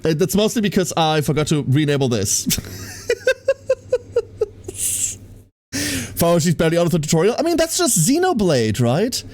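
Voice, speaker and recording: A man from Germany, a streamer chatting casually with his live audience, animated and giggly as he greets viewers by name. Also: on the high side, fast, few pauses.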